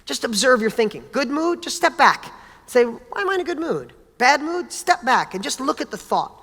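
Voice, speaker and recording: Animated man telling stories in a reverberant hall. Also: very high-pitched, moderate pace. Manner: animated, casual, blunt, with mild swearing. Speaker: motivational speaker. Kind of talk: motivational talk with personal stories.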